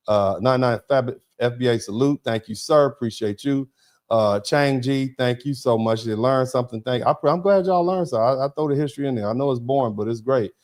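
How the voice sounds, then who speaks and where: A man's voice: medium pitch, a little mellow. Rambling, emphatic man hosting a livestream. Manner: rambling and emphatic, with repeated words and restarts; folksy, calls listeners baby and bro. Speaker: host reading viewer chat. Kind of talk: livestream chat, thanking donors.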